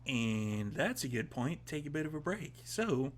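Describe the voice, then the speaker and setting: A man narrating a tabletop role-playing game as storyteller, slow and hesitant, with many fillers. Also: mid-range voice, sing-song, a little hiss or hum.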